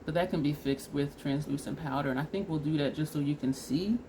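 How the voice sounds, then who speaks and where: A woman's voice: low voice, a little fast, background noise. A woman vlogger casually talking through a makeup try-on step by step, chatty and laughing at herself, teary and sniffly from allergies. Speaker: beauty vlogger.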